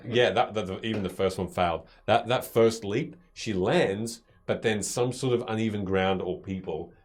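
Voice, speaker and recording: A man with a fairly low voice runs a tabletop game as game master. He narrates the action haltingly, pausing on fillers and restarting his sentences.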